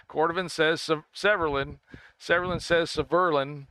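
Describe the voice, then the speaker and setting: Guy streaming a game, bright crisp voice, rambles and stumbles over his words, dry close mic. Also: a little high, no room sound. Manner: rambling, stammering, self-correcting, quick to laugh. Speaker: gaming streamer. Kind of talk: casual livestream chat.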